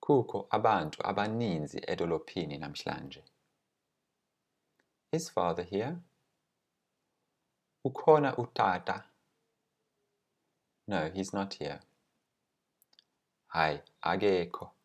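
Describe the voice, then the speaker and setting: A man teaching language grammar, explaining with example phrases and pronouncing them slowly and carefully. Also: deep voice, animated.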